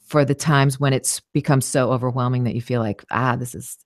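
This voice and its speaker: A woman voice actress chats thoughtfully as a guest, often pausing on "you know" and starting over. Her voice sits very low for a woman. The sound is dry, with no room echo. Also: fairly even intonation, darkish tone. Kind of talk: casual interview conversation.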